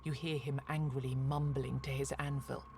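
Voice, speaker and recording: An actor as a flat, gravelly game narrator. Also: mid-range voice, moderate pace, background noise, lightly acted. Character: game's storytelling narrator.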